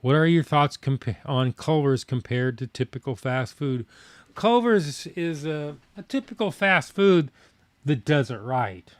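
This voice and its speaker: A man's voice: on the high side, animated, a little slow, no echo. A man hosting a live stream, chatting casually in a plainspoken, folksy way while he reads viewer comments. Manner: plainspoken, folksy, rambling with fillers.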